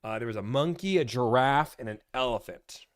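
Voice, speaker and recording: A young man hosting a casual livestream, talking in an energetic, rambling and playful way. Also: mid-range voice, brisk. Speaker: livestream host and car deal negotiator.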